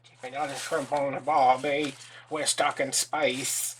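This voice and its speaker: A man doing an exaggerated impression of a panicked woman astronaut with a mock Australian accent, drawn out and shrill. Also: flat delivery, a bit bright, close to an everyday voice. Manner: overblown, slow and shrieking. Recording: audible background noise.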